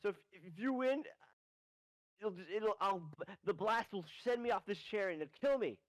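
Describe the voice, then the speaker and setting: A man voicing a boastful, panicking male card-game rival in a high, shrill voice. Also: moderate pace, no room sound, natural voice, low-quality recording. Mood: panicked boasting. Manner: shrill, frantic, high-pitched.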